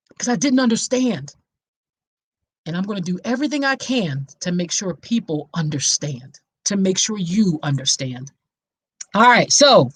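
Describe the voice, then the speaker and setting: A woman talking straight to her listeners in a preachy, emphatic way, pressing each point home. Her voice sits in a middle pitch for a woman. The sound is dry and close, with no room echo. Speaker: podcast host. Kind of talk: impassioned awareness talk.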